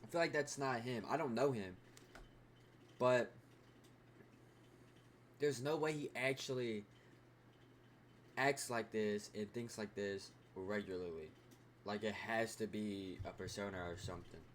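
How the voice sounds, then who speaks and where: A man's voice: on the low side, measured pace, long pauses, slight background noise. A young man hosting a reaction video, rambling in casual commentary with constant fillers and swearing.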